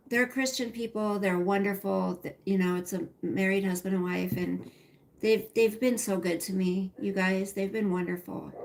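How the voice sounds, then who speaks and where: A middle-aged woman hosting a casual livestream, rambling and chatty as she talks to viewers by name and reads their comments. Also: mid-range voice. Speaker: livestream host.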